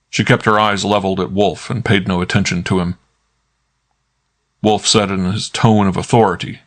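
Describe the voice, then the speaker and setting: A man's voice: lowish voice, steady tone, normal speed. A man narrating a classic detective novel in first person, dry and wry. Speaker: audiobook narrator.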